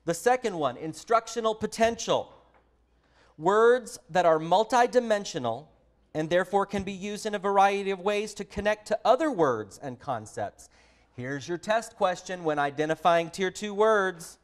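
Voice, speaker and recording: A man's voice: high voice, expressive, moderate pace. A man with a Texan accent leading a workshop for teachers, talking straight to the group in a friendly, direct way. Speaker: teacher trainer. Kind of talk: professional development lesson.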